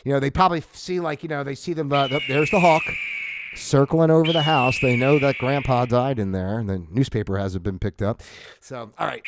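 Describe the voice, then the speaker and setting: A man's voice: medium pitch, animated, normal speed, noisy background. A man from New Jersey hosting a casual livestream, ranting in a loose, profane way and laughing at his own jokes. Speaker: livestream host.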